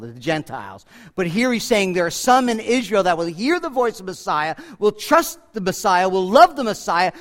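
Male pastor, high voice, dynamic sermon delivery with loud peaks and soft asides. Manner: dynamic preaching, swinging between loud emphatic peaks and quiet asides. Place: church.

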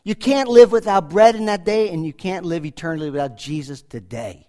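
Male pastor, high-pitched, emphatic sermon delivery with hushed asides. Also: brisk. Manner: emphatic, swings between loud declarations and quiet asides.

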